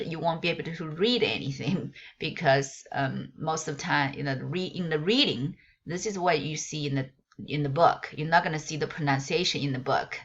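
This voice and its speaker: A woman teaching a beginners' language lesson, sounding out syllables slowly with exaggerated tones and patiently repeating herself in loose, unscripted phrasing. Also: sits low, fairly bright tone. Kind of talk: slow spoken lesson. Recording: dull lo-fi sound.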